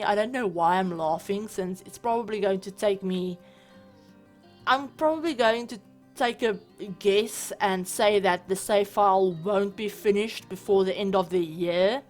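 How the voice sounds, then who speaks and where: A woman talks in a loose, chatty voice-over, circling back and restarting her thoughts with plenty of fillers. Her pitch sits in an ordinary middle range. Soft music plays faintly under her voice. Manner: rambling, lots of "like" and restarts. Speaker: Sims building channel host. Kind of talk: casual voice-over commentary.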